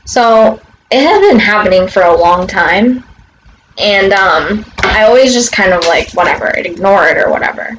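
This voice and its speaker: A woman's voice: mid-range voice, animated, normal speed, a bit bright, slight background noise, rough recording. A young woman vlogger telling a casual story outside her front door, rambling with many fillers and swearing.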